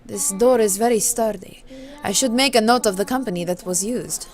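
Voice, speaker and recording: A woman reading the lines of a composed, formal male count aloud from a visual novel, in a measured, matter-of-fact way. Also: mid-range voice, lively intonation, a little mellow, natural voice. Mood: calm, steady.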